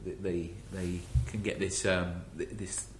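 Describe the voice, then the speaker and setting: Deep-voiced English man, echoey room. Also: little pitch movement, unhurried, a little hiss or hum. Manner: rambling, many restarts. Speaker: podcast host. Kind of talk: casual chat.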